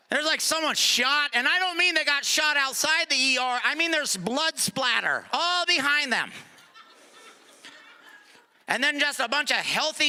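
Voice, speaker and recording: A middle-aged male stand-up comedian performing a live set, sarcastic, sometimes dropping to a low mutter for asides. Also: big pitch swings, a little slow, bright, forceful tone. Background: audience laughter.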